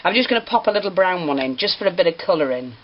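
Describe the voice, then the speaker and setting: A woman with a notably low voice talks through a hands-on craft tutorial. Her manner is chatty and apologetic, and she is easily set off giggling. The recording is a little dull, with a faint hiss underneath. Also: animated, racing. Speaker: craft teacher.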